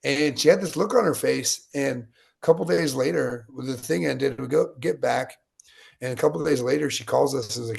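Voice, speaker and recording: Late-30s man from Utah, mid-pitch and gravelly, conversational and digressive, an interview guest. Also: normal speed, a little mellow. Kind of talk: casual storytelling interview.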